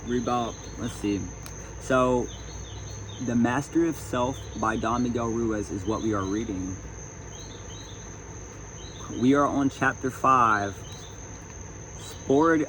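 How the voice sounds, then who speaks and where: A man's voice: mid-range voice, takes it slowly, long pauses, fairly bright tone, a little hiss or hum, poor audio. A man in a casual spiritual talk, reading a self-help book aloud between emotional, preachy asides that repeat themselves, outdoors at night.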